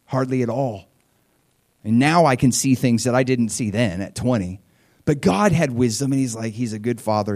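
A pastor in his forties preaches in a conversational, animated way. His voice sits in a middle register, and he drops to quiet asides, then bursts out loud to drive a point home. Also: medium pitch, moderate pace. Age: 40s. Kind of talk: sermon.

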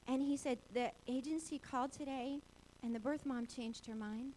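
A woman in her forties shares a personal testimony in a lively, expressive way, acting out quoted voices and laughing along the way. Her voice sits a little high. Faint noise hums behind her. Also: normal speed, rough recording. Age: 40s.

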